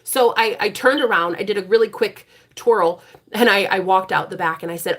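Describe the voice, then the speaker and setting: A woman hosting a live tarot stream in a casual, unfiltered way. She swears freely, speaks bluntly and turns preachy and insistent when she wants a point to land. Her voice sits at an ordinary middle pitch for a woman. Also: moderate pace. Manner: blunt, profane and emphatic; preachy and forceful when driving a point home.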